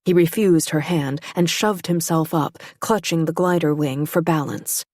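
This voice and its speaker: A woman narrating a novel as an audiobook, with a measured, even delivery. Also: deep voice, dry recording, clean studio sound. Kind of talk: scripted narration.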